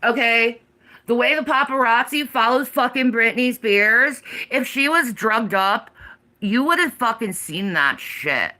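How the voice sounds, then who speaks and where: A woman's voice: a little high, animated, unhurried, bright, forceful tone. A woman in her forties, ranting on a livestream, swearing heavily in a defiant, emphatic way. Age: 40s. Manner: heavy profanity, defiant and emphatic.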